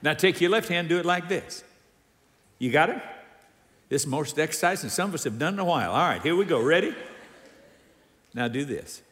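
A man delivering a sermon as pastor, his voice sitting somewhat high. He talks with lively, swooping intonation, dropping soft and then pressing hard. The sound rings with long reverb from a church hall. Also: brisk, long pauses. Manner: animated, shifts between soft and emphatic.

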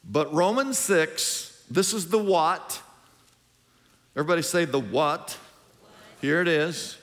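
A man's voice: on the high side, expressive, normal speed, a bit bright. A middle-aged man preaching a sermon as pastor, drawing lines out and leading the congregation in call-and-response. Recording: long hall reverb.

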